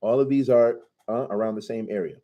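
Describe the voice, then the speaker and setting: A man's voice: medium pitch, fairly even intonation, a little fast, warm tone, muffled recording. A man teaching a conversational scripture commentary class, casually asking his students questions and reciting Arabic passages.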